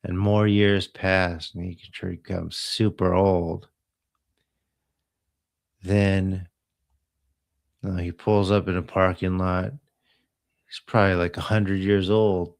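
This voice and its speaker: A man casually retelling old TV episodes in a slow, meandering way, trailing off into asides. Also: deep voice, flat delivery, creaky. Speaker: host of a live healing stream. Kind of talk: rambling casual storytelling.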